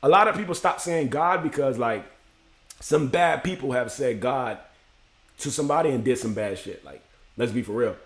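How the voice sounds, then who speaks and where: A man's voice: mid-range voice, normal speed. A man talking casually on a livestream, giving a motivational monologue and acting out the voices. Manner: animated, acts out inner voices with slang. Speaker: livestream host. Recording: echoey room.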